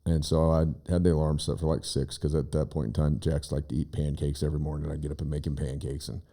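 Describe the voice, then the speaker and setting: A man from Oregon spins a long, rambling anecdote in a casual studio conversation, full of restarts and asides. His voice sits low and sounds mellow and unhurried. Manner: rambling, animated storyteller who shouts out quoted lines. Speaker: guest, visiting brother. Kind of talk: casual storytelling chat. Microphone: studio microphone.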